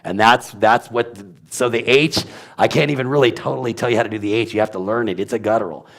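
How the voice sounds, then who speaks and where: Low-voiced man teaching Hebrew sounds. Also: fast talker, gravelly. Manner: demonstrates sounds aloud, rambling with asides. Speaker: Bible teacher. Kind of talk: informal teaching on Hebrew pronunciation.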